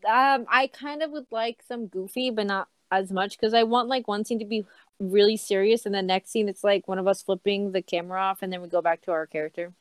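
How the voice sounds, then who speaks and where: A woman's voice: mid-range voice, steady tone, clear, resonant tone. Bossy joking woman on a call. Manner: bossy, joking, quick to laugh. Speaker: organizer of a group parody film. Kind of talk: casual chat on a group call. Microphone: video call.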